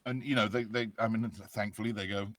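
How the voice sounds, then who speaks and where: A middle-aged man from England, a voice actor, chatting in an interview in an animated, rambling way and slipping into character voices. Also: on the low side, fairly quick, no echo. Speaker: guest, voice actor. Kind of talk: casual interview chat.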